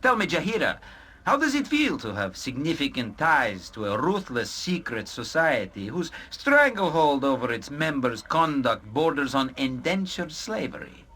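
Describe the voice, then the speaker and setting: A man's voice: a little high, big pitch swings, moderate pace, pushed and bright, breathy edge, heavily acted. An actor voicing an arrogant, pompous male wizard in a video game, florid and theatrical. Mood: mocking.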